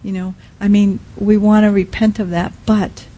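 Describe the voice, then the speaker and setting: A woman preaching a sermon in a soft, halting way, often dropping to a quiet hush. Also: medium pitch, level tone, poor audio. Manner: soft, halting, many restarts and fillers. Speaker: speaker at a Christian teaching.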